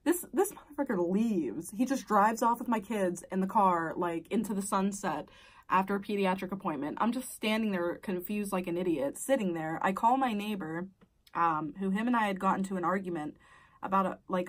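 A woman's voice: mid-range voice, a little fast, distant mic, rough recording. A young adult woman telling a personal story casually while eating, blunt and profane, her voice shooting way up when she gets worked up.

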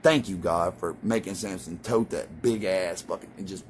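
A man delivering a profane, ranting monologue as a vlogger, swinging between loud preaching and hushed musing. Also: low-pitched, moderate pace, few pauses, slight background noise.

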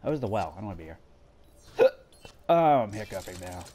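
A man giving excitable, swearing let's play commentary while gaming and talking to his teammates. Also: low voice, fast. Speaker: gamer. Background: game music and sound effects.

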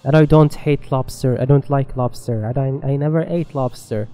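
A man's voice: medium pitch, normal speed, dark tone, in a large hall, soft background music, low-quality recording. A man giving casual gameplay commentary as a let's play gamer, swearing a lot and talking back to the game.

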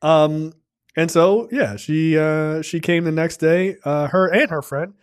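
A man's voice: a little high, slow pace, clear, resonant tone. A man in his forties co-hosting a casual film review, loose and profane, with many fillers and acted-out quotes. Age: 40s. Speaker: podcast co-host. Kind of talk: casual movie review chat.

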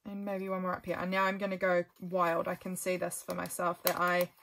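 A woman's voice: lowish voice, completely flat delivery, a little fast, creaky, a bit bright. A woman chatting casually to her viewers while she crafts, talking through each step with self-mocking jokes, her voice a little sore from talking. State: voice getting sore. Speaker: craft vlogger. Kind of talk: casual journal-with-me narration.

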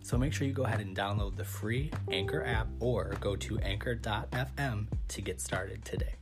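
A man hosting a podcast, reading a sponsor spot in an upbeat, persuasive way that sometimes drops to a hush. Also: lowish voice, normal speed. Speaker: podcast host. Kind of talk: sponsor read. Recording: loud music behind.

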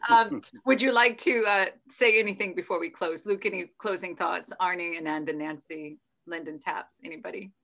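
A bubbly woman hosts a casual video call with a bright, forward tone. She laughs easily and keeps things playful, and her voice comes through a call microphone. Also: fairly low pitch, fairly even intonation, moderate pace, few pauses. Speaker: host.

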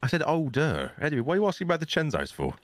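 A man's voice: on the high side, huge pitch swings, no room sound. A man playing a chatty aging male prisoner with bad knees, bantering in a roleplay. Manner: fast, bantering, easily sidetracked. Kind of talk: in-character roleplay chat.

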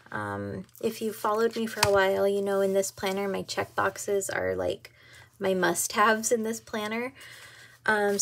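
Woman, casual planner vlog, gravelly voice, faint background hiss. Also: mid-range voice. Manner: chatty, giggly, many ums. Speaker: planner vlogger. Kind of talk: casual chat to camera. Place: home.

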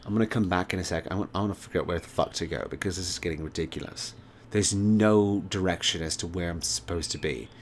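Deep-voiced man rambling over gameplay. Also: fast, few pauses, a little hiss or hum. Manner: rambling, many fillers and swearing. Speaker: gaming channel host. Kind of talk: casual let's play commentary.

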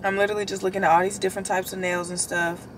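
A woman's voice: mid-range voice, level tone, rapid-fire, slight background noise. A young woman vlogging casually to her phone camera, chatty and sleepy, calling her viewers y'all while she runs errands. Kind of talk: casual vlog chat to camera. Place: in a car and around a mall. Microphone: phone camera held or propped.

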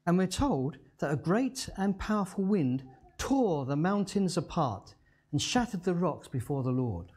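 A male pastor preaching a sermon, telling a story dramatically and slowing to a hush on key words. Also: high voice, very animated.

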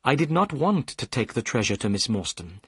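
A man reading a simplified audiobook story for learners in a clear, measured way. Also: mid-range voice, sing-song, dry recording, studio quality. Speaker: narrator. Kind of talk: scripted audiobook narration for learners.

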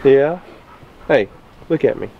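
Man, 30s, Oklahoma accent, homestead vlog host, gentle, teasing, outdoors, shotgun mic. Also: mid-range voice, lively intonation, slow, narrow, tinny audio, slight background noise. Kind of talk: casual outdoor vlog chat. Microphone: camera-mounted shotgun mic.

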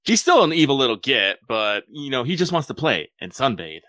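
A man's voice: mid-range voice, very animated, brisk, a bit bright, no echo. A man co-hosting a casual podcast, laid-back and joking, who swears casually.

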